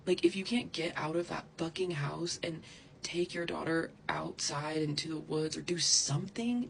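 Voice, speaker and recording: Gravelly-voiced woman ranting angrily. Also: sits low, moderate pace, a little hiss or hum, poor audio. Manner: heated, profane, rambling with asides. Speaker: social media creator. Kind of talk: angry direct-to-camera rant.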